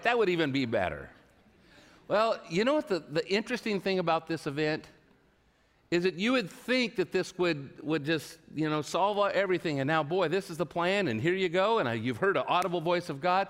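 A male pastor delivering a Sunday sermon with a fairly high, very lively voice. He acts out quoted speech with sweeping rises and drops. His words ring out with a long reverb in a large church hall. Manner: animated, acts out quoted voices with big pitch swings.

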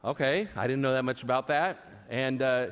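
A male pastor tells a personal story in his sermon, chatty and self-deprecating, stumbling over his words along the way. His mid-range voice is fairly bright and clean at a moderate pace, echoing with the long reverb of a large hall.

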